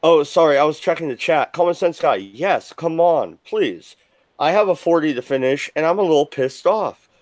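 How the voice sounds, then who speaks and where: A buzzed man hosting a live stream from his desk at home, ranting angrily with lots of swearing, swinging between shouts and mutters. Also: a little high, expressive, normal speed, no room sound. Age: adult with children. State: a little buzzed. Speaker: livestream host. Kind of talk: profane live-stream rant.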